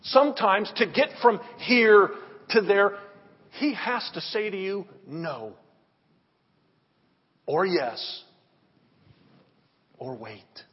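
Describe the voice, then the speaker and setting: High husky guy preaching slow, big swells then hushed bits, muffled churchy echo. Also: animated. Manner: preaching with dramatic rises and hushed drops. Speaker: pastor. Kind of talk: sermon.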